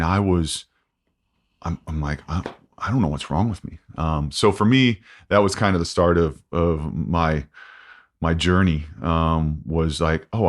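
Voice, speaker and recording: A man in his forties, a podcast guest, talking candidly and haltingly with many restarts and fillers. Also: deep voice. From United States. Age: 40s. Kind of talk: candid interview.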